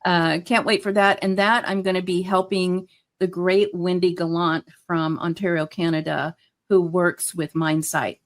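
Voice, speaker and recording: A woman's voice: fairly low pitch, little pitch movement, measured pace. A woman guest in a casual interview, talking earnestly and enthusiastically with many fillers. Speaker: guest, hypnotherapist.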